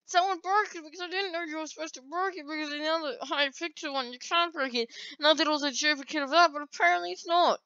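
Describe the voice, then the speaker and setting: A woman giving live commentary while playing a game, excitable and quick to outbursts of frustration. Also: high voice, no room sound, muffled recording. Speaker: gaming video creator.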